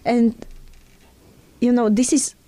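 A woman's voice: a little high, level tone, slow pace, warm tone. A woman in an earnest conversation, explaining ideas in a teaching tone and drawing on personal examples. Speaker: speaker in a conversation.

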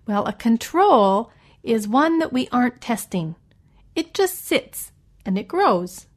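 Slow, patient woman teacher spelling words. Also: fairly high pitch, very animated. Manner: patient, spells words out letter by letter and explains each one. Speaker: English language teacher. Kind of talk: slow vocabulary lesson around a read-aloud story.

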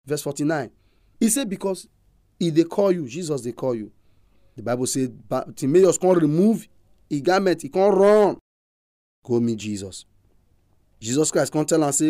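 High-voiced Nigerian pastor preaching. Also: male voice, lively intonation, moderate pace, pauses often, dark tone, no room sound, studio quality. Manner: emphatic, repetitive storytelling. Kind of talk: preaching sermon in Pidgin.

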